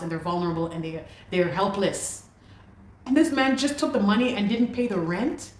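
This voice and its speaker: As an interview guest, a woman from Ghana vents through an emotional personal account, exasperated and saying words over again. Her fairly low voice moves fairly quickly, and the room echoes noticeably.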